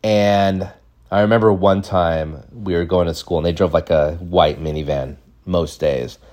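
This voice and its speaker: A man's voice: low-pitched, fairly even intonation, unhurried, darkish tone. A man in his thirties telling a casual, rambling, jokey story from his childhood, acting out bits of it. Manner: rambling, jokey, acts out voices. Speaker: podcast storyteller.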